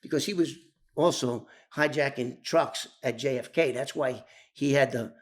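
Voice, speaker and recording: A man telling an animated street story, acting out the voices of others and often restarting his sentences. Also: medium pitch, moderate pace. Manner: animated, acts out quoted voices, many restarts. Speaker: former mob associate telling his story. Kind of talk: casual spoken storytelling.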